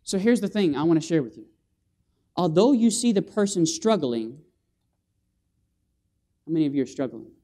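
High-pitched guy preaching in a church, super animated, asks for amens, does boom sounds. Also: moderate pace, long pauses. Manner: animated, with call-and-response and vocal sound effects. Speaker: guest preacher. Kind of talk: lively evangelistic sermon. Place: church sanctuary.

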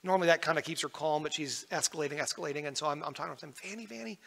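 A pastor preaching in a high, bright voice, earnest and personal as he tells a story. The sound carries a long reverb, like an echoey church hall. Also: steady tone, rapid-fire, gravelly. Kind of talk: sermon.

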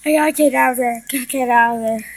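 A woman giving excitable gameplay commentary to her viewers, often breaking into panicked shrieks. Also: on the high side, fast talker. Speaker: gaming video creator.

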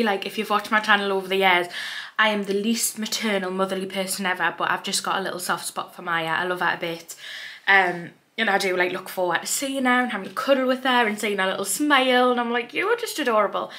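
Speaking fast in a mid-range voice with little pitch movement, this Geordie vlogger sounds pushed and bright. The young woman, from North East England, rambles casually to camera, peppering her chat with fillers, and her dental aligners give her a slight lisp.

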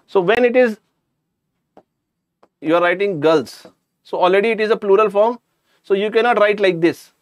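A man's voice: sits high, normal speed, long pauses, no echo. A man with an Indian English accent teaching a live online grammar class, chatty, addressing students directly and slipping in jokes.

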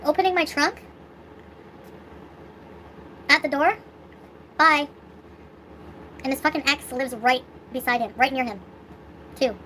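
A woman's voice: sits high, slow, long pauses, bright, forceful tone, slight background noise. A young woman vlogging, venting in an upset, swearing rant with sighs. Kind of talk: angry venting vlog.

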